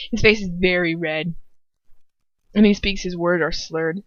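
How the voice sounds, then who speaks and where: A woman's voice: lowish voice, normal speed, no room sound, lo-fi sound. A woman reading a fan-fiction story aloud in a casual, chatty way, with asides about her own reading. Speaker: audiobook reader.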